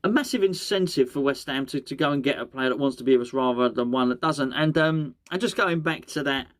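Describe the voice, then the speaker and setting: Male solo football podcast host, middle-pitched, casual, rambling with self-corrections. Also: fairly quick.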